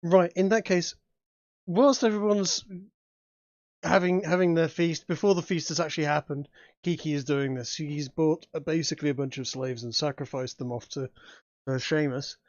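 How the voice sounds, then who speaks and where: A man's voice: fairly high pitch, steady tone, a little fast, darkish tone, no room sound, muffled recording. A man narrating as dungeon master of a tabletop game, in a rambling, casual way. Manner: rambling, with many restarts and fillers.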